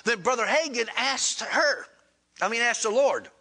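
Bright high-voiced preacher telling a story. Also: male voice, expressive, unhurried, creaky. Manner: retells dialogue with rising pitch, Southern colloquial grammar. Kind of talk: sermon storytelling.

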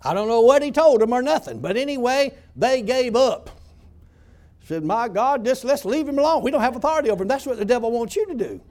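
A male pastor preaching a sermon, telling stories and building up to loud shouts. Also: very high voice, expressive, fairly quick.

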